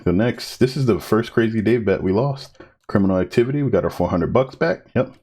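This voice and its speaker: A man's voice: lowish voice, a little fast, breathy edge. A man streaming a cooking game live, listing ingredients as he goes and chatting with his co-host. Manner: calls out ingredients in a steady list, joking with co-host. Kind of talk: live gameplay commentary.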